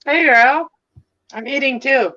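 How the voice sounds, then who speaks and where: A woman's voice: sits high, slow, pushed and bright, dull audio. A woman joining a livestream as a guest, chatting in a friendly, casual way. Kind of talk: casual chat.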